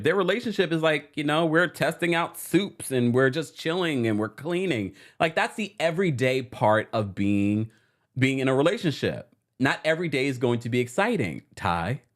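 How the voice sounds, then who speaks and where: A man hosting a casual pop culture recap show, chatty and opinionated and laughing often. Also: medium pitch. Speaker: host.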